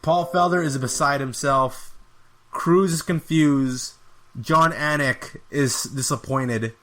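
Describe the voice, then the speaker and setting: A man's voice: fairly high pitch, slow, fairly bright tone. A man hosting a podcast, giving a casual, rambling fight review with an exasperated tone and lots of filler words. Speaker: podcast host.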